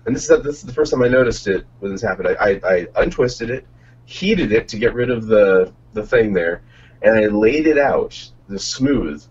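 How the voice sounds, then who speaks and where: Brief: male podcast co-host, rambling explainer, husky tone, sounds far off and dull. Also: fairly low pitch, lively intonation, normal speed, a little mellow. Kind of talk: casual chat. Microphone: desktop condenser mic on a boom arm.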